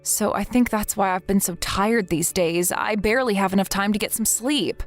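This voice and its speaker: A woman's voice: medium pitch, normal speed, natural voice. A woman reading the lines of an overworked young wife and mother who apologizes and pleads for help, in a scripted text-message story. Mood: tired. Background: faint background music.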